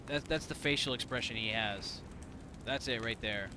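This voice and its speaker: A man's voice: medium pitch, normal speed, noisy background. A man from Indiana giving casual, profane, rambling let's-play commentary to his viewers. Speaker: gaming streamer.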